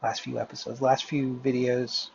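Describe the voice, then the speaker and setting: A man chatting casually to viewers while he draws, rambling and muttering softly to himself. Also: mid-range voice, flat delivery, normal speed, vocal fry, lo-fi sound, a little hiss or hum. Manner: rambling, self-talking, drifts into soft muttering. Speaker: drawing vlogger. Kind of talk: casual talk while drawing. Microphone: headphones with mic.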